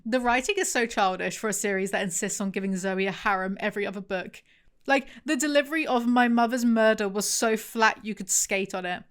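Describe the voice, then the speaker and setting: A woman's voice: mid-range voice, fairly quick, fairly bright tone. A young woman reviewing a book, reading passages aloud and breaking in with sarcastic, chatty asides to her viewers.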